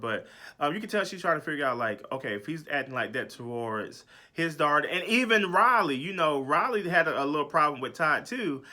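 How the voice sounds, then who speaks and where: A man's voice: mid-range voice, bright, forceful tone. A man hosting a casual TV recap show, chatty and gossipy with sassy asides.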